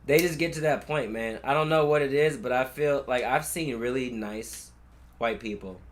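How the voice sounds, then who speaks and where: A man's voice: medium pitch, normal speed. A young man from California, telling stories in casual conversation, swearing freely and acting out the people he quotes. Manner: profane, animated storyteller who acts out quoted people.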